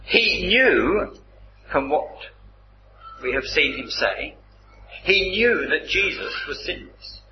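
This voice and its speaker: Male preacher, slightly raised pitch, emphatic Bible teaching in an echoey room. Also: sing-song, slow pace, long pauses, slight background noise. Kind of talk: sermon. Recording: roomy, slightly dull recording.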